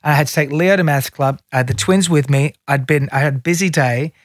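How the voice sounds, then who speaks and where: A middle-aged man chatting as a podcast guest, slipping into lively voices when he tells stories. His voice sits a little high for a man, and the sound is close and dry. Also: fast talker, no room sound. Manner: animated storyteller, acts out quotes. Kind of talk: casual interview chat.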